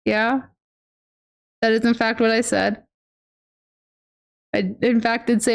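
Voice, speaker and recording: A woman's voice: a little high, fairly even intonation, slow pace, gravelly, pauses often. A woman streaming a game and chatting casually, rambling through playful stories with lots of fillers and a giggly, affectionate manner. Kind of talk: casual gameplay chat.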